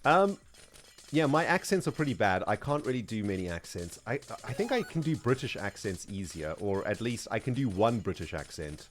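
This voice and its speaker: Chatty, animated male streamer. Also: on the low side, normal speed. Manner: self-mocking and chatty, with many fillers. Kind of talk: casual livestream chat.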